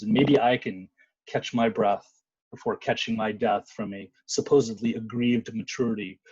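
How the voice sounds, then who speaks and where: A man giving a dramatic spoken word poetry reading, with sudden loud outbursts. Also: mid-range voice, breathy edge, dry recording. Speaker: poet. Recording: muffled lo-fi sound.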